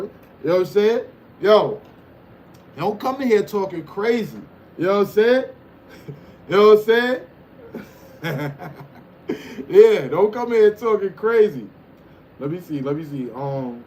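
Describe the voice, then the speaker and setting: Slight background noise sits under this man's mellow, higher-leaning voice. Hosting a livestream, he goes through the chat and kids around with loose, teasing banter, repeatedly throwing in "you know what I'm saying."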